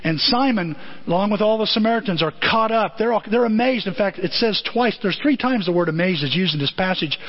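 A male pastor delivering a sermon with animated storytelling, acting out the people in his stories. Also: sits high, a little fast, highs cut off.

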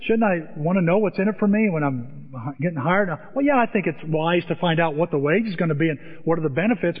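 A man preaching a sermon, telling stories in a lively way and acting out the voices of the people he quotes. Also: sits high. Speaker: pastor. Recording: dull sound with long hall reverb.

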